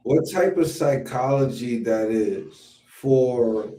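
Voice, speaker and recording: Man hosting a podcast, blunt profane commentary, unhurried, echoey room. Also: medium pitch, mellow. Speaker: podcast host. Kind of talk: casual commentary.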